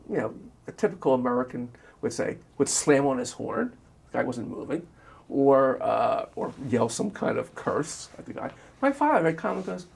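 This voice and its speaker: An older man and former teacher, recalling family memories in an oral history interview with a reflective, anecdotal manner that trails off softly. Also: medium pitch, creaky, husky.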